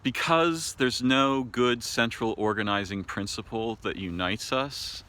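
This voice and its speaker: An American man speaking an unscripted monologue to camera, thoughtful and halting, with many pauses, fillers and restarts. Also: mid-range voice, bright, forceful tone. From United States. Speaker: video essayist. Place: home in a city. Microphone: camera mic.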